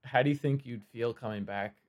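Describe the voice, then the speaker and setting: A man's voice: medium pitch, a little fast, crowd noise. A man hosting a podcast in casual chat, laughing often, saying "dude" and swearing freely. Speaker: podcast host.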